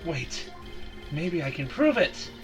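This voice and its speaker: A man's voice: fairly high pitch, big pitch swings, slow, soft background music, poor audio. A man voicing a young, earnest rookie male defense lawyer with a dramatic delivery.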